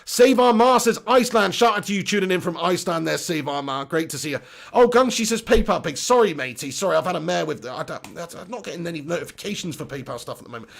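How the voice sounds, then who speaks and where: A man's voice: high voice, lively intonation, fast talker, creaky. A man hosting a live football fan stream, chatty and upbeat, often laughing as he reads out viewer comments. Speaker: football channel host.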